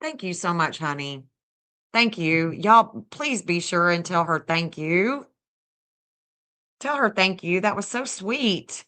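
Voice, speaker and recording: A woman's voice: on the low side, lively intonation, slow, fairly bright tone. A woman hosting a casual livestream, gushing over viewers and thanking them by name. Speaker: livestream host and astrologer.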